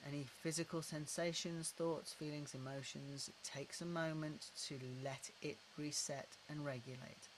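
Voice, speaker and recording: A middle-aged man calmly guiding a tapping and breathing exercise, slow and repetitive, recorded indoors at his desk. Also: fairly high pitch, noisy background. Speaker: tapping practitioner. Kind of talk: guided tapping and breathing instruction.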